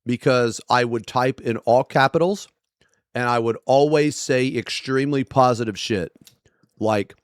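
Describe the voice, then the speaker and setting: A male streamer telling a story in casual, profane livestream chat with animated storytelling. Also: mid-range voice, a little slow, smooth, no echo, studio quality.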